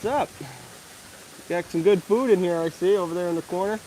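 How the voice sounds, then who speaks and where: Chatty guy on a phone livestream outside, talks to the animals, kinda high voice. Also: fairly quick, warm tone, a little hiss or hum, rough recording. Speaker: livestream vlogger. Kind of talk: casual livestream chat. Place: outdoors at an animal park.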